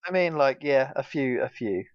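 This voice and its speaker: A British co-host of a gaming podcast chats casually and rambles, with plenty of hesitations and fillers. His medium-pitched voice is animated and at normal speed, recorded with no room sound on a dull, dry lo-fi mic.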